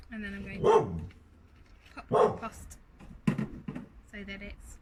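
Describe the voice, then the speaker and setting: A woman's voice: medium pitch, wildly swooping pitch, slow. A woman talking casually while repotting plants in a garden, giggling now and then and chatting to her dog between steps. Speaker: gardening vlogger. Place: garden outdoors. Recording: noisy outdoor recording.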